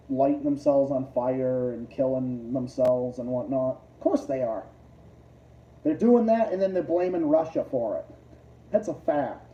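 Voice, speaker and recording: A man hosting a livestream, ranting casually, profane and combative, jumping between loud outbursts and low mutters. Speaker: livestream host. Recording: muffled, roomy, distant lo-fi mic.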